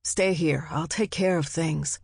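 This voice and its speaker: A man's voice: fairly high pitch, steady tone, unhurried, vocal fry, breathy edge, no room sound, full character voice. A woman narrator voicing a patient male detective boyfriend who teases in a dry way. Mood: soothing. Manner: dry, gently teasing.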